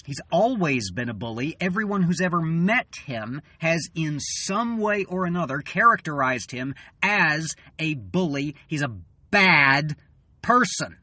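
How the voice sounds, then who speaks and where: A man in an angry, swearing political rant, tired and fuming, halting and then bursting out loud. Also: fairly high pitch, big pitch swings, no room sound. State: weary and fuming. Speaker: channel host.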